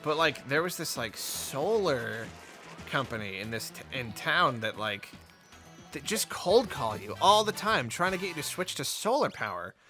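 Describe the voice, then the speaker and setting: Male gaming host, bright, somewhat high voice, chatty and rambling, faint music behind. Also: very animated, a little slow. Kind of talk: casual commentary while playing a game.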